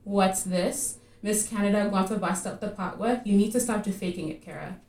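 A woman reading aloud as a sharp-tongued teenage girl from Jamaica, taunting with a Jamaican accent, in an echoey room. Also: medium pitch, normal speed, recorded from a distance, lightly acted. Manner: taunting, scornful. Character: newly arrived teen girl, sharp-tongued and mocking.

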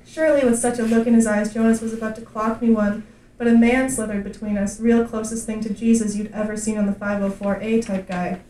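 A woman reads her fiction aloud at a live reading, measured and dry. Her voice is mellow and dark-toned. It carries an echoey room sound from a distant mic. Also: on the high side, flat delivery. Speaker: author reading her work. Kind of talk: literary reading.

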